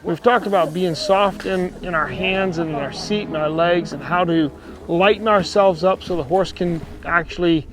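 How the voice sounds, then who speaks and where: A man's voice: high voice, moderate pace, fairly bright tone. A man teaching horsemanship as a clinician, talking plainly, repeating phrases and voicing what the horse thinks. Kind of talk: outdoor teaching monologue.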